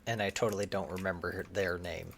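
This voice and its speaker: A man's voice: low-pitched, steady tone, quick pace, gravelly, a little hiss or hum. A man co-hosting a video game channel, joking playfully in casual chat and trailing off when he forgets names.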